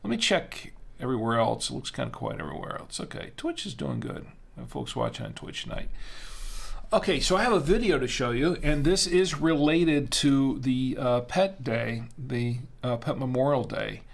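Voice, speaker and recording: Gravelly-voiced man hosting a wine livestream. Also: medium pitch, very animated, normal speed. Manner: rambling, full of fillers and restarts, reads out viewer chat. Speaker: wine-tasting livestream host. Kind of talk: casual livestream chat.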